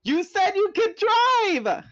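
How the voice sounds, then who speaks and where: A man's voice: extremely high pitch, sing-song, takes it slowly, fairly bright tone, no echo, voice pushed up, exaggerated voice. Shrieking panicked teen girl, as a man puts her on. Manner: screaming directions. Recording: dull lo-fi dry recording.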